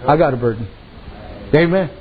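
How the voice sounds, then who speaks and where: A man's voice: a little high, animated, normal speed. A man preaching a sermon in a folksy, conversational way, telling stories and rising in intensity as he presses his points. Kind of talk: sermon with storytelling. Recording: dull lo-fi with faint hiss.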